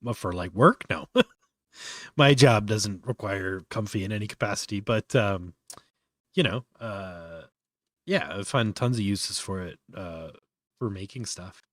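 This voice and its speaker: A man hosting a casual live-stream software tutorial, thinking aloud with lots of fillers and restarts, yawning often. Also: on the low side, a little slow, no room sound, clean studio sound.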